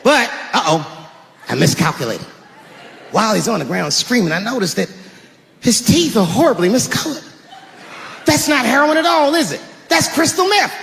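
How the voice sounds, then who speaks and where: A man performing a stand-up comedy set, telling stories with animated delivery and bursts of shouting. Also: very high-pitched, normal speed, gravelly, pauses often, big-room sound, slight background noise.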